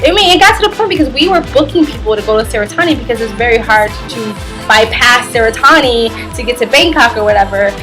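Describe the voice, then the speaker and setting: A woman's voice: on the high side, animated, fast talker, few pauses, over music, low-quality recording. A woman vlogger telling a travel story in a chatty, rambling way, with lots of "like". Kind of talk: storytime vlog.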